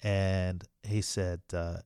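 A man's voice: low voice, level tone, very slow, a little mellow, clear, resonant tone, no echo, clean studio sound. A man talking as a guest on an interview podcast, explaining things earnestly and often restarting his sentences. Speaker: franchise attorney and podcast host.

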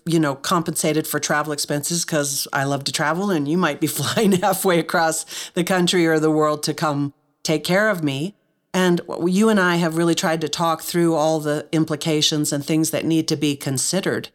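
Earnest woman podcast host, choked up. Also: low-pitched. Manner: encouraging, speaks to listeners. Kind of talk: heartfelt interview chat.

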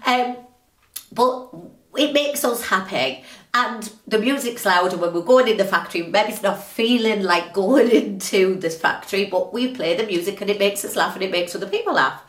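A woman hosting her own podcast, talking in a chatty, animated, ranting way. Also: mid-range voice, normal speed, distant mic. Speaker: podcast host. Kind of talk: casual motivational monologue. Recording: roomy echo, a little off-mic.

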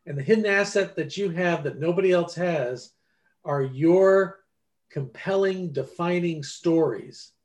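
Man over forty, author in an interview, fairly high voice, lively storytelling, acts out dialogue. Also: unhurried. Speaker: ghostwriter and author. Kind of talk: casual interview talk.

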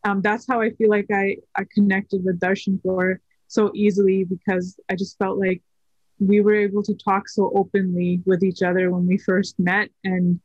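A woman in her thirties, a podcast guest, telling a personal story in casual conversation, soft-spoken and hesitant with many fillers. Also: medium pitch, level tone, moderate pace, no echo, highs cut off.

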